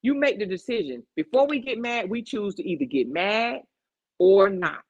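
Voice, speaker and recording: A woman's voice: mid-range voice, expressive, moderate pace, highs cut off. A woman hosting a casual chat who gives emphatic, preachy life advice and keeps checking in with rhetorical questions. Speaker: podcast host.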